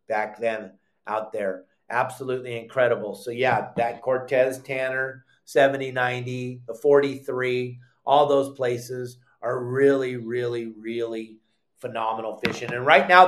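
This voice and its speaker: An older man hosting a live fishing show, talking in a heated, emphatic way and repeating words for stress. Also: mid-range voice. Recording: echoey room.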